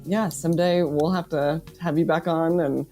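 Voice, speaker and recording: A woman's voice: deep voice, fairly even intonation, normal speed, mellow, faint music behind. A woman hosting a podcast who laughs easily while wrapping up and then reads the closing announcements. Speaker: podcast host. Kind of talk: podcast interview and scripted outro.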